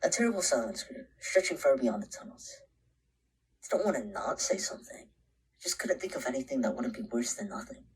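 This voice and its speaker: A man's voice: mid-range voice, big pitch swings, fairly quick, breathy edge, low-quality recording. An actor playing an anxious, introspective young man who narrates a short film in a half-whispered voice. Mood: brooding. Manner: brooding, often half-whispered, breaks into panicked shouts.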